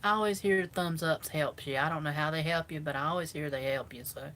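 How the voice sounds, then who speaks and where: A woman's voice: deep voice, fairly quick, a bit bright. A woman with a South Carolina Southern accent, chatting casually and rambling easily with viewers, recorded on a phone. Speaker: vlogger. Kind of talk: casual live chat with viewers.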